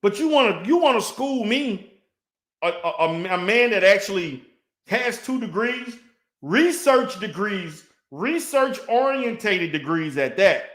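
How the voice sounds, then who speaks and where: High-voiced man ranting in an echoey room. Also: animated, measured pace, fairly bright tone. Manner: profane, mocking, heated. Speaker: online commentator. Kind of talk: ranting response video.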